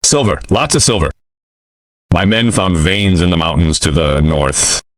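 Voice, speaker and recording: A man's voice: sits low, lively intonation, a little slow, no echo. A man voicing a menacing, mocking outlaw leader in a narrated western story. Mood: sneering. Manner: mocking and threatening. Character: menacing burly male outlaw with a Texas drawl.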